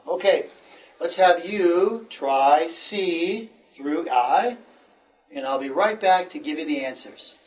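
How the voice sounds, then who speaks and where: In this classroom English lesson, a middle-aged American teacher repeats phrases patiently for his students. His pitch is fairly high and his delivery slow but animated. The sound is poor, captured far from the microphone.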